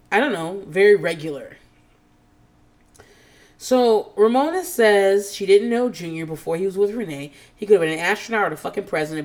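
A woman talks fast and loose as she recaps the drama, swearing often and calling herself a nervous person. She swings from low muttering asides to high, squealing mock quotes of the people she describes. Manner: animated, profane, jumps into squealing mock quotes; calls herself nervous and on edge. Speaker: podcast host recapping a reality show. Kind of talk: casual chat.

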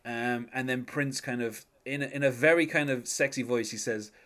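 A man's voice: steady tone, normal speed, a bit bright. Chatty wry English man. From England. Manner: chatty, wry, laughs often, quotes lyrics in a low murmur. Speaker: podcast co-host. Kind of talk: casual chat about music.

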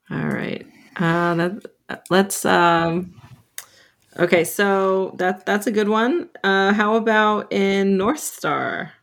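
A woman's voice: medium pitch, takes it slowly, gravelly, fairly bright tone. A woman hosting a casual podcast chat, prompting the others with questions. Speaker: podcast host.

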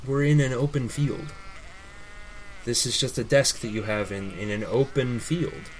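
A man's voice: medium pitch, measured pace, a little hiss or hum, rough recording. A man hosting a comedy podcast, flustered, apologetic and stammering in a sketch. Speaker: podcast host.

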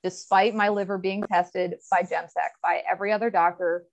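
A woman guest in a casual interview, telling her health story candidly with quick asides. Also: fairly low pitch, fairly even intonation. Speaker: podcast guest. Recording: slightly dull lo-fi audio.

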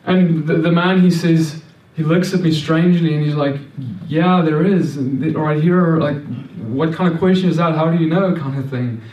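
A man's voice: a little high, fairly even intonation, normal speed, hardly any pauses, darkish tone, muffled recording. A man giving a personal faith testimony, earnest and storytelling, often restarting and repeating words. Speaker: speaker sharing a testimony. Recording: roomy echo, mic at a distance.

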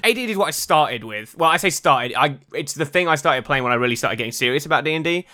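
A man's voice: a little high, expressive, quick pace, pushed and bright. A man co-hosting a casual comedy podcast, profane and bantering. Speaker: podcast co-host.

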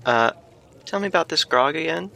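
Gravelly, bright-toned man playing a tabletop game. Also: fairly high pitch, lively intonation, a little fast. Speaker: player. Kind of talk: casual tabletop play.

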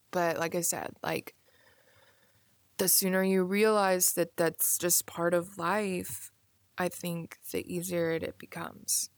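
A young woman hosting a solo podcast, musing casually with many "like"s and soft asides. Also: lowish voice, no room sound. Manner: casual, musing, filler-heavy with frequent "like". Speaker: podcast host. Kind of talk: reflective solo podcast monologue.

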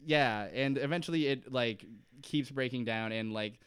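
A man's voice: medium pitch, normal speed, clear, resonant tone, dry recording, studio quality. A man co-hosting a podcast, casually recapping an episode, laughing, swearing and acting out the characters' lines. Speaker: podcast co-host.

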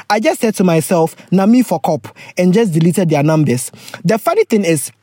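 A woman, hosting and reading out a listener's letter with casual advice, animated and laughing, often slipping into pidgin. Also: fairly low pitch, no room sound, clean studio sound.

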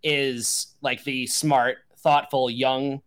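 Long island guy on a podcast, bright voice, rambly, lots of "like, you know". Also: medium pitch, level tone, drawn-out words. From Long Island, New York. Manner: rambling, many restarts and fillers. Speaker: guest musician. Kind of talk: casual podcast chat.

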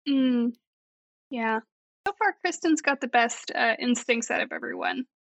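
A woman's voice: on the high side, wildly swooping pitch, unhurried, a bit bright, dry recording. A woman casually discussing a movie, amused, with wry asides and frequent laughter. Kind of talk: casual movie recap chat.

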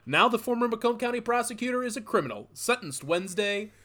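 A man hosting a casual comedy podcast, animated and laughing, with mocking, profane asides. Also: extremely high pitch, fast talker. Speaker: podcast host.

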